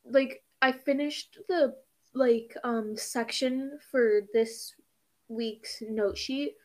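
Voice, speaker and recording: Fast-talking, swearing teenage girl. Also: a little high, steady tone. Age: teens. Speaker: podcast co-host. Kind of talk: casual chat.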